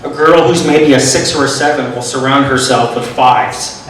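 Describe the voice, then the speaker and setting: A middle-aged man doing a stand-up comedy set with deadpan, self-deprecating punchlines. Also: mid-range voice, normal speed, slight background noise. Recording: echoey room, mic from far off.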